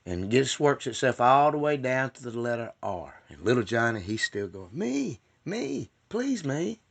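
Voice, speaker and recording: A man tells a long joke in a folksy, unhurried manner, now and then stumbling over repeated words. His voice is mid-pitched with a gravelly, fry-laden texture. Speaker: joke teller.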